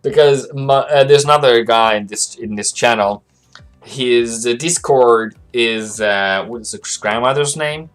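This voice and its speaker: A man's voice: medium pitch, a little slow, clear, resonant tone. Rambling, chatty male live-stream host. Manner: rambling and chatty, reads viewer chat aloud. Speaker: livestream host, forex trading analyst. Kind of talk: casual live-stream commentary.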